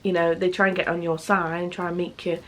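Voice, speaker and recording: A woman's voice: fairly low pitch, little pitch movement, quick pace. A young woman reviewing a book to camera at home, in a blunt, chatty way with constant swearing. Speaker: book vlogger. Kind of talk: casual book review chat.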